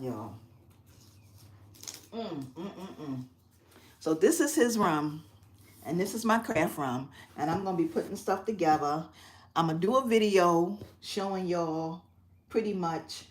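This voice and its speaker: A middle-aged woman chatting casually on a phone live stream from a quiet room at home, expressive and quick to laugh. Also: lowish voice. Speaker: craft channel host. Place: quiet spare bedroom at home.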